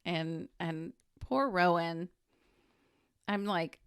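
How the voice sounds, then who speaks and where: A woman co-hosting a podcast, chatting casually about a movie and reacting quickly to her partner. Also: on the low side, no echo, studio quality. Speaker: podcast co-host.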